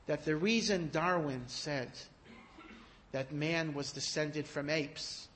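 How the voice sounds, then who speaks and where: A man giving a sermon, telling stories in an animated way that rises to emphatic peaks. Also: fairly high pitch, slow, a little hiss or hum. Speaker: rabbi giving a talk. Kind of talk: storytelling sermon.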